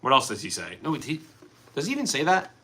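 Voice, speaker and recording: His voice is fairly high and fast, with huge pitch swings and a pushed, bright, slightly rough quality. He's a Philadelphia man with a Philly accent, casually hosting a livestream, rambling and reading comments.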